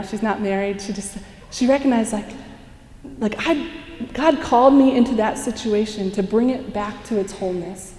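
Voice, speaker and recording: Speaking at a moderate pace in a voice on the high side, a young conference speaker delivers an inspirational talk to a live crowd. Her storytelling is lively, full of acted-out quotes and frequent laughter, and she's heard from afar in a big, echoing hall.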